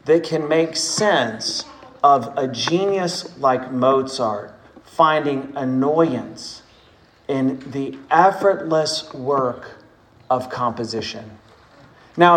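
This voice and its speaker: A man pastor preaching a sermon, telling stories animatedly and acting out the quotes. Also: on the high side. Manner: animated storytelling with voiced quotes. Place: church sanctuary.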